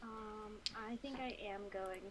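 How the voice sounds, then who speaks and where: A woman playing a tabletop role-playing game, speaking quickly and a little bashfully. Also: medium pitch, background noise. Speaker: player.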